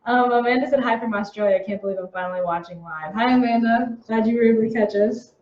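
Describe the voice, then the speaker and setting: A woman's voice: fairly high pitch, fast talker, a little mellow. A woman reading viewer questions aloud in a casual live-stream Q&A. Her manner is chatty and playful. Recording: roomy, slightly dull live-stream audio.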